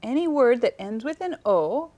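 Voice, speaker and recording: A woman's voice: a little high, animated, normal speed, a little mellow. A woman co-teaching a bilingual televised Spanish lesson, attentive, repeating and confirming words.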